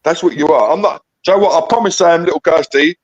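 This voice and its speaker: A man's voice: a little high, fast talker, lo-fi sound. A man on a call-in stream, accusing and taunting the other caller and swearing heavily in a casual argument.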